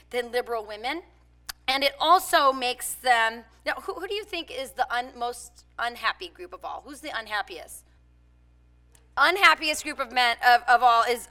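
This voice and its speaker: A woman's voice: fairly high pitch, pushed and bright. A woman in her forties giving a public talk, mixing personal stories with points, conversational with frequent fillers. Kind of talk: public speech with personal anecdotes.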